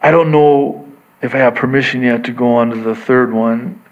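A man preaching a sermon, unhurried, repeating key words and swinging between quiet asides and raised emphasis. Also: mid-range voice, fairly even intonation. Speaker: pastor. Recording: dull lo-fi recording.

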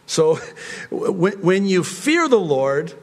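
A middle-aged man preaching a sermon in a church, swinging between emphatic raised peaks and quiet conversational asides. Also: high-pitched, very animated, slow, long reverb tail. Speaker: pastor.

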